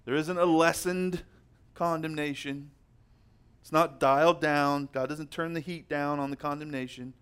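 A young man delivers a sermon as a pastor, his voice sitting a little high for a man. He preaches emphatically, slowing down to press on the words that matter. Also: steady tone, a bit bright, clean tone. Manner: emphatic, slows down to stress key words.

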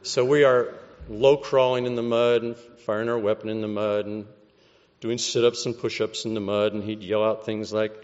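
A man's voice: fairly low pitch, little pitch movement, brisk, darkish tone, long reverb tail, lo-fi sound. An American man giving a wry, conversational testimony, acting out the voices he quotes. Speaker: speaker giving a personal testimony. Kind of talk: storytelling testimony.

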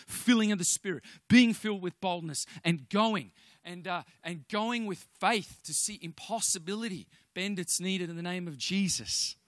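High-voiced animated preacher. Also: male voice, no echo, clean studio sound. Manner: animated storytelling, acts out voices, restarts often. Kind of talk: sermon with personal story. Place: church.

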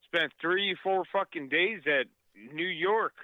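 A man's voice: high voice, no room sound, narrow, tinny audio. A man telling travel stories in casual chat, rambling and swearing with many fillers. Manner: rambling, profane, halting with fillers.

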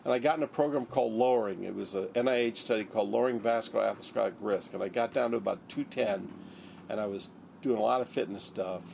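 A man's voice: on the low side, fast, vocal fry, a little mellow, a little hiss or hum. An older man, a surgeon, recounting his story in an interview, acting out the lines of others. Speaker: interviewee, neurosurgeon.

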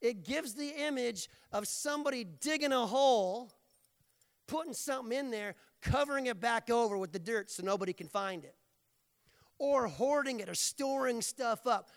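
A man's voice: very high-pitched, lively intonation, normal speed. Man, preacher, sermon, playful jokey delivery, long hall reverb.

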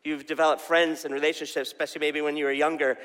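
A man preaches to a church crowd, spinning a chatty story and asking the room questions. His voice sits a little high for a man. A long hall reverb trails after his words. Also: little pitch movement, fast talker, a bit bright. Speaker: pastor. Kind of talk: sermon.

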